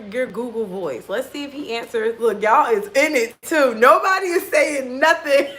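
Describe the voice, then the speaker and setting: High bright woman telling a story. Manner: animated, profane storytelling, acting out quoted lines. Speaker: tarot reader. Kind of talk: casual storytime vlog.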